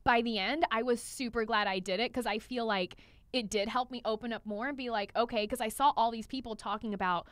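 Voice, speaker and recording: A woman's voice: fairly high pitch, fairly quick, no echo. A woman co-hosting a casual chat podcast, telling stories with lots of swearing and acting out what she said back then. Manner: animated storytelling, acts out her own past lines, swears freely. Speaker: podcast co-host and trainer.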